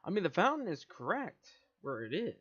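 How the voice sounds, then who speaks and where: A man's voice: sits high, wildly swooping pitch, fairly quick, fairly bright tone, slightly rough, muffled recording. A man livestreaming a build, ranting in exasperated, profane casual commentary. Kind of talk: casual live-stream commentary while building.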